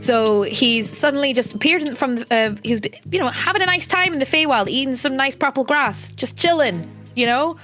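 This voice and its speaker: A woman's voice: high-pitched, expressive, brisk, few pauses, a bit bright, soft background music. Chatty woman game master. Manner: casual, chatty, lots of fillers and swearing. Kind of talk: narrating a tabletop game.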